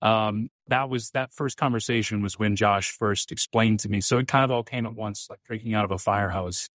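A man being interviewed as a guest, telling stories in an animated way, quoting himself and often saying "um.". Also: fairly low pitch, normal speed, dry recording, clean studio sound. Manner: animated, quotes himself, frequent "um". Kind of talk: conversational storytelling.

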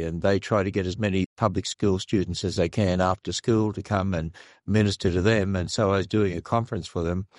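An older man with an Australian accent, speaking earnestly and haltingly as a radio interview guest. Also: fairly low pitch, darkish tone, dry recording, studio quality. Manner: earnest, measured, halting with restarts. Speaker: guest, creationist ministry leader.

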